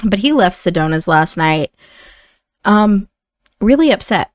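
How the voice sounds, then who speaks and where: A woman's voice: medium pitch, animated, unhurried, no room sound, studio quality. A woman with an Indiana accent chatting as she narrates the story of a life-sim game. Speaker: game commentator.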